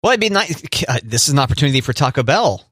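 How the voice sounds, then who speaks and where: A man's voice: mid-range voice, very animated, quick pace, fairly bright tone, breathy edge, dry recording, clean studio sound. Easygoing wry man podcast host. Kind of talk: casual chat.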